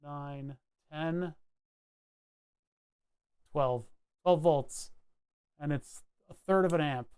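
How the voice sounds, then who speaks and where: A man chatting casually to his live-stream viewers while he tinkers with electronics at his workbench, relaxed and self-deprecating, chuckling often. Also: a little high, drawn-out words, pauses often, clear, resonant tone. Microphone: wired microphone at his workbench.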